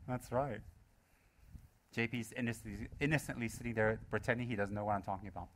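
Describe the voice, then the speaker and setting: At medium pitch and a quick pace, with a fairly bright tone, a man delivers a live Buddhist teaching to an audience. He poses rhetorical questions, repeats his key phrases, and teases his listeners playfully between points.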